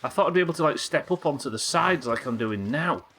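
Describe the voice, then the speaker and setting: A man's voice: medium pitch, lively intonation, fast, fairly bright tone, a little hiss or hum. A British man giving live commentary while streaming a game, swearing often, muttering to himself and chatting with his viewers. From Britain.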